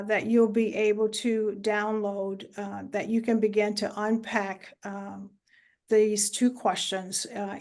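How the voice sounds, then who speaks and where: A woman presenting a talk on grief in an online webinar, speaking in a measured way with many filler sounds. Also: mid-range voice, darkish tone.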